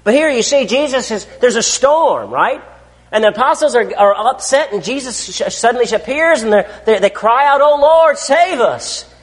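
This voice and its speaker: A man preaching a sermon, asking his listeners rhetorical questions and swinging between loud declarations and hushed asides. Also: very high-pitched, lively intonation, normal speed, long reverb tail, soft background music. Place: church.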